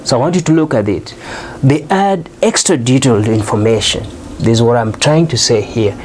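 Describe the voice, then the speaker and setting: A man's voice: mid-range voice, animated, darkish tone, a little hiss or hum. Man teaching an English lesson. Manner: explanatory, checks in with "okay?", frequent "uh" pauses. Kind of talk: recorded video lesson.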